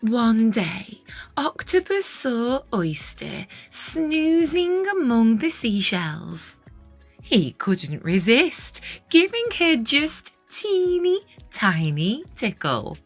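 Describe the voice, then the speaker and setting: A woman reading a children's picture book aloud in a sing-song, expressive way, her voice husky and breathy and often sinking to a whisper. She reads very slowly, and her pitch rolls up and down through every line. Soft music plays underneath. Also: no room sound. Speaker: children's story reader.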